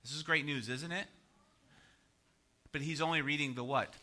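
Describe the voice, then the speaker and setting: A man's voice: on the high side, normal speed, pushed and bright. A man preaching a sermon as pastor, conversational and joking, often tossing out "right?" to the congregation.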